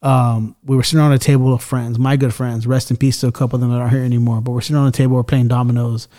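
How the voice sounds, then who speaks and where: A man's voice: medium pitch, level tone, racing, warm tone. A man hosting a podcast in casual chat, loose and swearing often as he tells stories and acts out the people in them. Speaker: podcast host.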